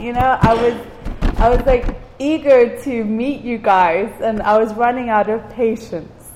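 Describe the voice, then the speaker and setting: Her voice is on the high side and darkish, with fairly even intonation and a measured pace. This Cypriot woman leads a small group's informal devotional talk, asking them questions and repeating words to stress them. The roomy hall adds long reverb, with slight background noise.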